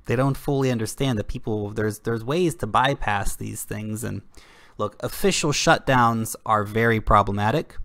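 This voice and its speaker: A man's voice: mid-range voice, fairly bright tone, no echo, clean studio sound. A young adult man hosting a video channel, delivering an indignant, sarcastic rant to camera in blunt, slangy words. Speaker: crypto video host. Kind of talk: ranting commentary to camera.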